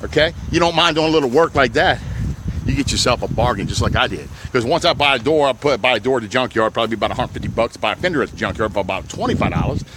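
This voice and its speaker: A man selling used cars on his lot in a loud, salesy pitch, calling viewers baby and my people. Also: animated, quick pace, background noise. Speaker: used car dealer. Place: outdoors on a car lot.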